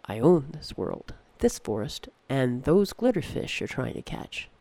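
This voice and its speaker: A narrator voicing a scowling, bragging, middle-aged male pest controller who speaks low and dry. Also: sing-song, unhurried, dark tone, no echo. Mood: wry. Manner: dry, wry, low-voiced.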